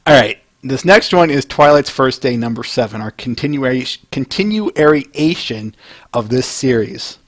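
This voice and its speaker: A man's voice: mid-range voice, animated, unhurried, dry recording. A man hosting a comic reading who talks casually to his viewers and often laughs. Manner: chuckles often, chatty asides to viewers. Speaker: host reading comics aloud. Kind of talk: casual chat.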